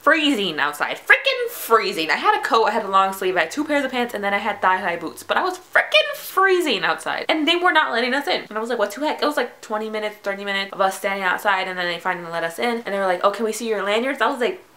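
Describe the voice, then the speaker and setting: Young female vlogger, fast chatty storytime delivery, bright tone. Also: mid-range voice, animated. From United States. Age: young adult. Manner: chatty, full of "like" and acted-out quotes. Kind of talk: casual storytime vlog.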